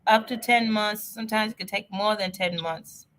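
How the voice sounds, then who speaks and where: A woman answering immigration questions on a live stream, chatty and excitable, often repeating herself. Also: medium pitch, normal speed, slight background noise. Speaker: immigration advisor.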